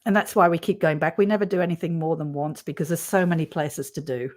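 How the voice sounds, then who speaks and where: A woman's voice: low-pitched, steady tone, quick pace. A woman hosting a paranormal channel's livestream, chatting casually, often laughing and telling stories with animation.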